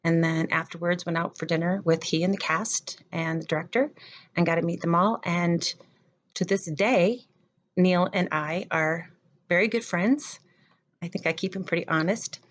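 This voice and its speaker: A middle-aged woman with a fairly low voice tells a personal story as a theater professor. She acts out every exchange and lets her pitch leap up when she quotes others. Her delivery is animated and conversational. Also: normal speed. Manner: animated retelling, acting out dialogue with pitch jumps.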